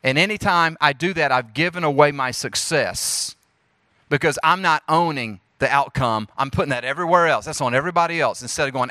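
Man, Southern accent, lively preacher to a youth group, bright forceful voice, dry sound. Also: on the high side, a little fast, no echo. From Jackson, Mississippi. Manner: lively, preacherly, talks straight to the audience. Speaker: youth ministry speaker. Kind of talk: leadership talk to a youth group.

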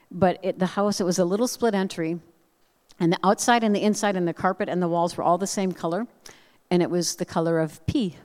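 A woman speaker giving a personal storytelling message with animated, self-deprecating humor, acting out the voices of people in her story. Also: on the low side. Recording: long reverb of a large hall.

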